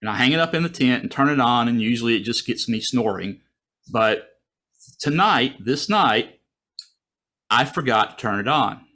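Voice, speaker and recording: Animated male storyteller on a video call. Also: mid-range voice, normal speed. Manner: animated, acts out his own thoughts in a raised voice. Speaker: guest storyteller. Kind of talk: casual personal storytelling.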